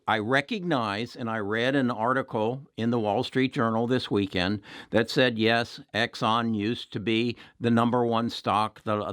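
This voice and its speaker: A man's voice: on the low side, fairly bright tone, no echo, clean studio sound. Plainspoken man giving investing advice. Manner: plainspoken, emphatic, repeats himself with restarts. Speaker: investing channel host. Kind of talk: casual investing talk to camera.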